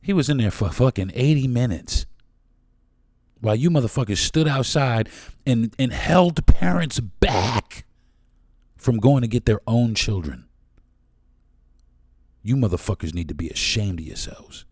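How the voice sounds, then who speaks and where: A man's voice: medium pitch, expressive, moderate pace, pauses often, darkish tone, dry recording, studio quality. A man hosting his own podcast, talking alone in a blunt, profane and impassioned way. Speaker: podcast host. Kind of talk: solo podcast monologue.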